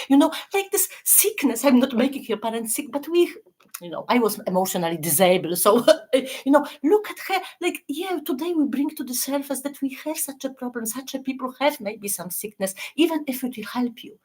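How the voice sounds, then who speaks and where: A woman speaking as a self-help guide, her voice husky with a breathy edge. She talks earnestly and repeats herself, often stopping to check in with her listeners. Her phrasing is halting, with frequent restarts. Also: high-pitched, sing-song, darkish tone. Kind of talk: casual motivational talk.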